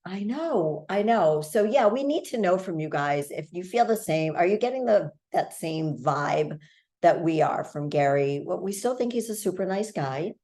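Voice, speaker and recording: A woman in her fifties with a notably low voice, co-hosting a podcast recap. She talks in an easy, emphatic, chatty way. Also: animated, moderate pace, dark tone. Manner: chatty, emphatic, restarts often. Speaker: podcast co-host. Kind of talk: casual recap chat.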